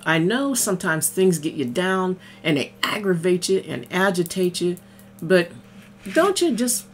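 A woman minister with a voice on the low side reads and explains scripture in plain, chatty words during a relaxed morning-coffee devotional. She frequently says amen and hallelujah, and there's a faint hiss or hum.

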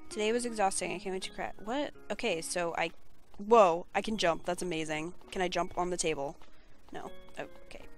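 A woman's voice: lowish voice, moderate pace, soft background music. A young woman giving casual, sarcastic and blunt let's play commentary.

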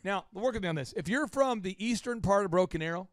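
A man from Oklahoma hosting a podcast in casual chat, telling animated stories and acting out characters. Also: sits high, fast talker, dry recording, studio quality. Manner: animated storyteller, acts out characters. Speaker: podcast host.

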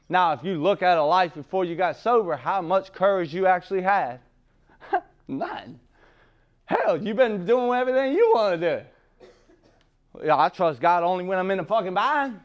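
Blunt, swearing man sharing his recovery story. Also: high-pitched. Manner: rambling, restarts, swears freely, laughs often. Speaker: recovery meeting speaker. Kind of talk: profane, blunt recovery talk.

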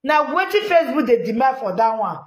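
A high-pitched woman speaks with a Nigerian Pidgin accent, her voice bouncing around an echoey room. She delivers lively, scolding online commentary, laughs often, and keeps chanting at viewers to like and share. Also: brisk. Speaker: commentary vlogger. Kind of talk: live social media commentary.

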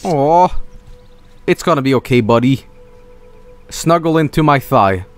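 A Swedish man with a mid-range voice speaks unhurriedly, faint music playing behind him. He's a streamer casually commentating a video game, joking, swearing and doing silly voices in an animated way.

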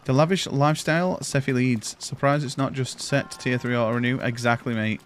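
A young man, chatting excitably and swearing as he streams a video game and thanks viewers. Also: mid-range voice, fairly quick, a little hiss or hum. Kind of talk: live gameplay commentary.

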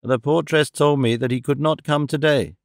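A man's voice: fairly high pitch, steady tone, moderate pace, no room sound, clean studio sound, close to an everyday voice. A man voicing a timid, stammering serving maid. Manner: hesitant, stammering.

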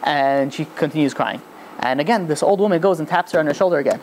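A man's voice: fairly high pitch, a little hiss or hum. A man, a rabbi, giving a storytelling lecture in a rambling way full of fillers. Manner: rapid, rambling, filler-heavy talk.

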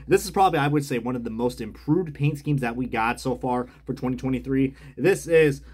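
A man's voice: mid-range voice, fairly quick, a little mellow, breathy edge. A man casually reviewing die-cast cars as he unboxes them, chatty and rambling, often correcting himself mid-sentence.

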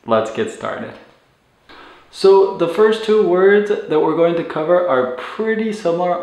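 Slow, patient male language teacher. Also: medium pitch. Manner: patient, slow, repeats words for pronunciation. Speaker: medical Spanish teacher. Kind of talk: instructional explanation. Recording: roomy echo.

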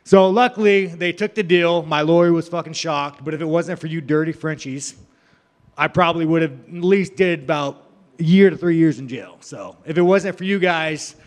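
A man's voice: on the high side, normal speed, big-room sound. A man in his thirties telling a rambling, profane story to reporters, laughing between lines. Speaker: fighter at media day. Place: media day event hall.

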